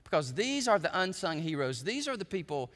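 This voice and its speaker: An earnest young quarterback speaks warmly of his team's staff, as a male preacher plays him. The voice is bright and fairly high, with a long church reverb behind it. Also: sing-song, a little fast. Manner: earnest and encouraging.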